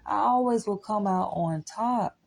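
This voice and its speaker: A woman's voice: mid-range voice, a little slow, gravelly, darkish tone, husky, low-quality recording. A woman vlogging a candid personal monologue, blunt and profane, laughing often between points.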